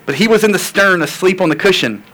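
A man's voice: sits high, animated, fast talker, sharp tone, rough recording. A man preaching a sermon, earnest and tired, repeating phrases for emphasis. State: tired and sore. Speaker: pastor.

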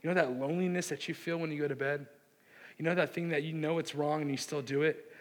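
A man preaching a sermon, earnest and impassioned, with a hushed delivery that builds into fervor. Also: a little high, fairly even intonation, fast talker. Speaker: pastor. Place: church sanctuary. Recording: long reverb of a large hall.

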